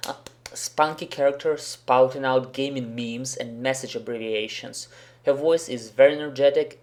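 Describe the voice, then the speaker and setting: Host: man, mid-pitched, blunt and sarcastic, swears freely while critiquing. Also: a little mellow. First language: Russian. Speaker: host, professional interpreter. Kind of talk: commentary video.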